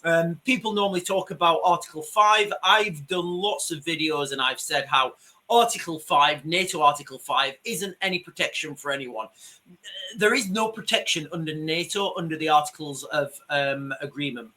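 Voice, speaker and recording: Yorkshire man, online commentator, bright forceful tone, slightly raised pitch, emphatic and repetitive. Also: moderate pace. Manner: emphatic, repeats himself, addresses viewers as ladies and gentlemen. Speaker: commentator on a video channel. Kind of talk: screen-share commentary.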